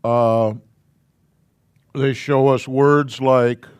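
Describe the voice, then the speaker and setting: A man's voice: medium pitch, fairly even intonation, drawn-out words, clean tone, dry recording, clean studio sound. A man teaching a Hebrew alphabet class in a church classroom, patiently explaining letters and syllables step by step.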